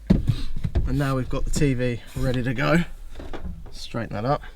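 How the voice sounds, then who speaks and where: A man's voice: medium pitch, fairly even intonation, unhurried. A man chats away in an everyday mid-range voice while showing off his campervan. He pokes fun at himself and talks as he does each task. There is a faint hiss behind him. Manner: chatty, self-mocking, talks while doing tasks. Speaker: van owner showing his setup. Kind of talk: casual demo chat. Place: inside a parked campervan at home.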